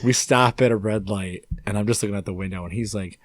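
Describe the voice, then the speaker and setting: A young man from upstate New York, a podcast guest telling a story in a casual, animated way and swearing freely. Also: fairly low pitch, fast talker, hardly any pauses, dry recording. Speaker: podcast guest, singer-songwriter.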